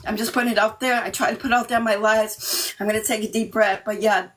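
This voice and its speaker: A middle-aged woman from Massachusetts, talking about herself in a video call interview, nervous and emotional, with many ums and pauses. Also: on the high side, fairly even intonation, a bit bright, low-quality recording. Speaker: team member.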